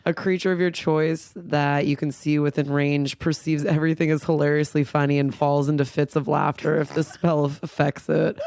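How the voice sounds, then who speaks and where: A woman playing in a tabletop game, joking around and reading spell rules aloud haltingly. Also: low voice, little pitch movement, darkish tone, no room sound. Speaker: player. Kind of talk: casual tabletop chat.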